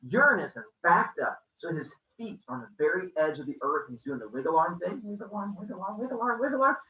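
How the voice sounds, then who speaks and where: A man, a teacher, telling a myth to his class in a joking, lively way. His voice is bright and animated. The sound is roomy and distant, a bit dull. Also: a little high. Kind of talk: casual storytelling to a class.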